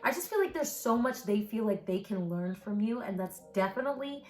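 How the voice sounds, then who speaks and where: A woman's voice: mid-range voice, brisk, a little mellow. A woman giving a casual tarot reading to camera, rambling and filled with repeated words and fillers. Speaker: tarot reader. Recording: roomy echo with faint background music.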